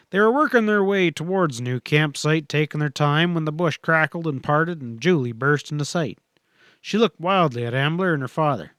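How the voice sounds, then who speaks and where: A man narrates a western audiobook with a steady, measured delivery. His voice sits a little high for a man. It is recorded close and dry, with no room sound. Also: smooth, dry recording.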